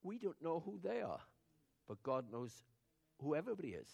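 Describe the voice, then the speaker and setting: Older male preacher, gravelly voice, folksy storytelling sermon that swings from hushed to booming. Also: sing-song, fairly quick. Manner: conversational, swings between hushed asides and loud emphatic declarations.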